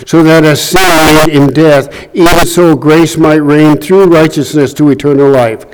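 Slow, deliberate man preaching. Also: a little high, steady tone, a little hiss or hum, poor audio. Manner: slow, deliberate, reading scripture aloud. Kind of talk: sermon. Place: church room.

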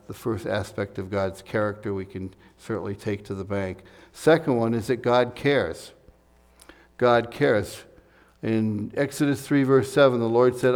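A man's voice: on the low side, darkish tone. Preaching man in a reverberant hall. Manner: earnest, repeats key phrases for emphasis. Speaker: pastor. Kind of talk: sermon.

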